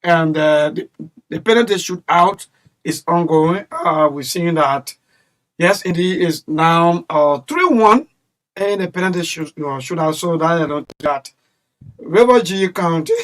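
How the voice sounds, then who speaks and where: A man's voice: on the high side, measured pace, fairly bright tone. A man hosting a call-in radio talk show, emphatic and rambling as he talks to listeners.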